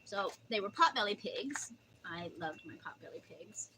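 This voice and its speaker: A woman's voice: mid-range voice, expressive, moderate pace, noisy background. An older woman chatting casually on her livestream, rambling through stories and cooing at her dog. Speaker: livestream host.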